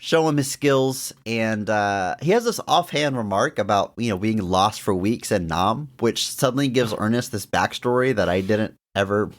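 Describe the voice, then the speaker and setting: A young man co-hosting a casual podcast, reviewing a film with lots of laughing and excited jumps in pitch. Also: normal speed, hardly any pauses. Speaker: podcast co-host. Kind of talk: casual movie review chat.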